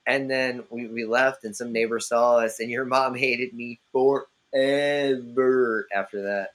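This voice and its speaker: Bright-voiced rambling male podcast host. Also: mid-range voice, fairly even intonation, a little slow, rough recording. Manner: rambling, jokey, swearing freely. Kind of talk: casual chat among friends.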